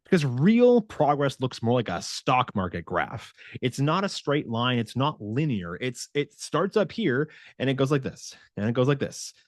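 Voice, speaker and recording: A man's voice: medium pitch, normal speed, few pauses, no echo, clean studio sound. A man working as a fitness coach, talking casually and with animation straight to his viewers, acting out the quotes. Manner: animated and conversational, acts out quotes. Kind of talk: casual talk to camera.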